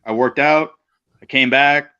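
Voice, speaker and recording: A man's voice: mid-range voice, steady tone, unhurried, pushed and bright, clear, resonant tone. A man, a guest wrestler, telling a road story in casual chat, blunt and profane, acting out the other people in quotes. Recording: slightly dull lo-fi sound.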